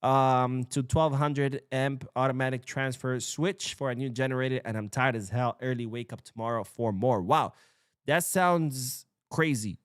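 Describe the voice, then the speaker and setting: A young man hosting a casual livestream, reading chat comments aloud and swearing freely in an animated way. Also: mid-range voice, a little slow, clean tone, dry recording, clean studio sound. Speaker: livestream host. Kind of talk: casual live-stream chat.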